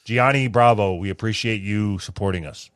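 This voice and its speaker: A man's voice: on the low side, normal speed, clean tone, no echo. A man co-hosting a podcast, talking in crude, profane, mocking banter. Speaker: podcast co-host.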